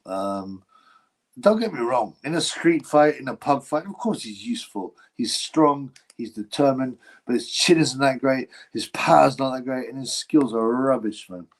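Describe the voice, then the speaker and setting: A man's voice: mid-range voice, expressive, moderate pace, poor audio. A man hosting a casual boxing livestream, reading chat and giving blunt, mocking opinions.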